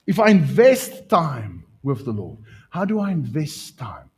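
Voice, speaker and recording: A middle-aged man preaching a lively sermon as pastor, his voice leaping higher when he gets excited. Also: a little slow, husky. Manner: animated preaching, pitch jumping up when excited.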